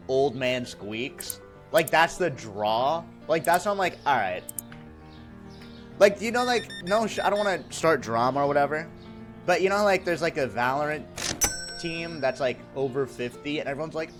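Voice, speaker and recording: A man streaming live, chatting casually and reading out viewer messages, laughing often and teasing himself and his chat. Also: fairly high pitch.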